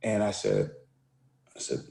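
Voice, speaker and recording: Energetic man, roomy echo. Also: measured pace. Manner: energetic, repeats words and restarts phrases. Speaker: motivational speaker. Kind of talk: motivational talk with storytelling.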